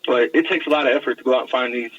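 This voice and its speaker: A man's voice: mid-range voice, rapid-fire, fairly bright tone, slightly rough. A man appearing as a guest, ranting in casual chat and cursing freely. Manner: ranting, profane. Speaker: guest host. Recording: distant muffled phone-like line.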